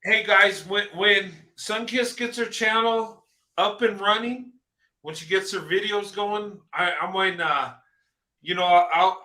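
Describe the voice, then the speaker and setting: A man hosts a casual livestream, talking in a halting, encouraging way with plenty of repeated words. His voice sits high and sounds bright, and the room around him rings with echo. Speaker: host.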